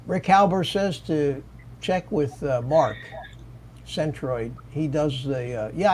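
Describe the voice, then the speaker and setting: A man's voice: fairly high pitch, slight background noise. An older man hosting a hobby livestream over a video call, talking casually and restarting his sentences often. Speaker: livestream host. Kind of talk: casual panel chat.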